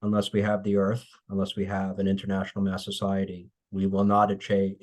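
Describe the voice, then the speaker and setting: A man discussing his book in an academic conversation, earnest and slowing for emphasis. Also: low voice, darkish tone.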